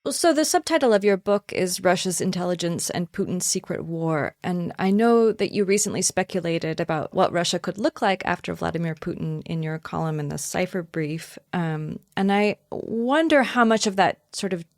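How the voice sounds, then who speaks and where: A woman with a lowish voice interviews a guest, her questions measured and thoughtful. The sound is close and dry. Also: dry recording. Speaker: podcast producer and interviewer. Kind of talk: podcast interview.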